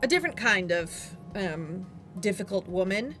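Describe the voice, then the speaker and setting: A woman's voice: medium pitch, lively intonation, moderate pace, over music. A woman co-hosting a casual chat, talking in a playful, gushing way about miniatures. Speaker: co-host reviewing miniatures.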